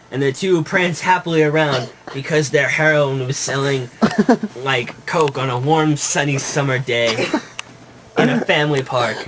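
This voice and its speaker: A man narrating a made-up comic puppet story, rambling and breaking into giggles, on a noisy home recording. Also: mid-range voice. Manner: giggling, rambling, making it up as he goes.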